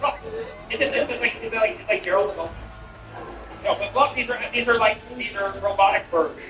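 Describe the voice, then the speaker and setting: A man's voice: high-pitched, fairly quick, recorded from a distance. A man streaming a game and chatting with viewers, a comedian with profane, rambling, incredulous banter. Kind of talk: casual gameplay chat with viewers. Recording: echoey room, off-mic, music behind.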